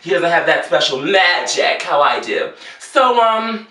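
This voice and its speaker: A man telling a story in a sassy, theatrical rant, jumping into high exclamations. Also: sing-song, a little slow, sharp tone. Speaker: vlogger. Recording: echoey room, voice a bit far from the mic.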